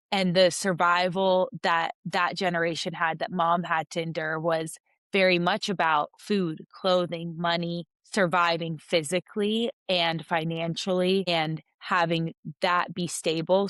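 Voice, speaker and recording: A woman from Russia co-hosts a podcast, speaking in a reflective, heartfelt way with long flowing sentences in casual chat. Her voice is on the low side and fairly bright, with no echo.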